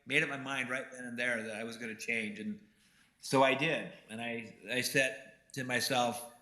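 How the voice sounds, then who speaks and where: Male keynote speaker, bright, forceful tone, earnest storytelling, echo of a big room. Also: medium pitch, steady tone, normal speed. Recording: roomy hall echo.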